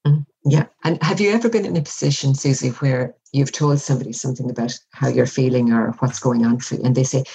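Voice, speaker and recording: A woman talks as a guest in a conversational interview. She is reflective and unhurried, and she acts out little example dialogues as she explains. Her voice is mellow and dark with a breathy, husky edge. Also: rumbling low, poor audio. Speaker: workplace wellbeing guest.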